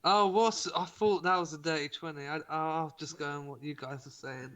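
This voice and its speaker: A man's voice: on the high side, fairly even intonation, normal speed, fairly bright tone. An English man playing a tabletop game, exclaiming and easily distracted. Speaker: player. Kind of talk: casual tabletop play.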